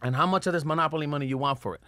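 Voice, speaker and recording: A man's voice: fairly high pitch, very fast, sharp tone, dry recording. A man from Los Angeles, a pro skateboarder guest, telling a story in casual, profane street slang.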